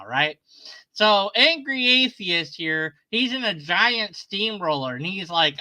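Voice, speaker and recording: Guy with a super bright tense voice, sarcastic, chatty storytelling. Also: high-pitched, lively intonation, measured pace, rough recording. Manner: sarcastic, mocking voices in his retelling. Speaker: commentator. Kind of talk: casual storytelling commentary.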